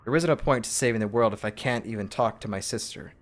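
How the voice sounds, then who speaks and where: A man's voice: lowish voice, fast. A man streaming a game, casually reading its text aloud in his own voice with asides.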